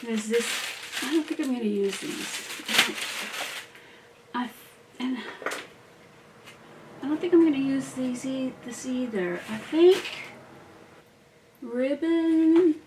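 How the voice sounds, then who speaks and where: A woman's voice: sits high, slow pace, long pauses, recorded from a distance, noisy background. A woman in a casual craft vlog, chatting and laughing as she works at a table and tells a story. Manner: chatty, laughs often, talks while working. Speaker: crafter making a wreath.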